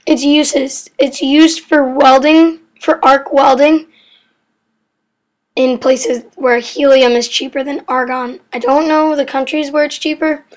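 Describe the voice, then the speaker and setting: A woman's voice: sits high, fairly even intonation, takes it slowly. A woman explaining chemistry facts in a casual, rambling way, often getting sidetracked and correcting herself with apologetic asides.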